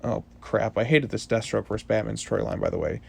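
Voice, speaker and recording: A man's voice: fairly low pitch, quick pace, vocal fry, a little mellow, breathy edge, no echo. A man reviewing a comic book issue in a casual, rambling monologue full of fillers.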